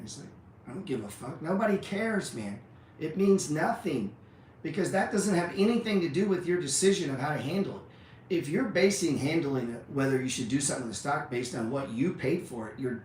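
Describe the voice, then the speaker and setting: A blunt, profane man hosts a trading show and gives an unscripted motivational talk, ending sentence after sentence with "man." His voice sits at an ordinary middle pitch. The room is echoey, with a faint hum of ambient noise behind him.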